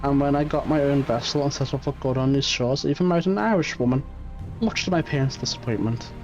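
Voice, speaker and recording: A man's voice: medium pitch, fast, darkish tone, close to an everyday voice. A man voicing a seasoned old sailor in a game reading, telling his tale matter-of-factly. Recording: muffled stream audio, faint music.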